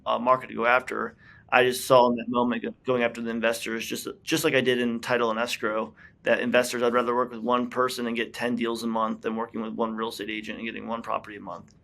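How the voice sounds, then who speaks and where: A man's voice: medium pitch, vocal fry, fairly bright tone. A middle-aged man, a company founder being interviewed, telling his story in a casual way with many fillers and restarts. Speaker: business founder, guest.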